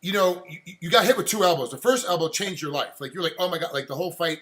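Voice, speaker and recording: A man interviewing a fighter in a casual sports chat, animated and acting out quotes as he talks. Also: on the high side, fast talker.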